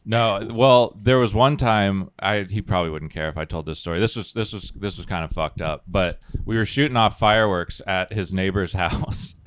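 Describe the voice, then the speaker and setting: A man's voice: sits low, normal speed, hardly any pauses, no room sound. A young man in casual chat, telling a story in a laid-back way and laughing now and then.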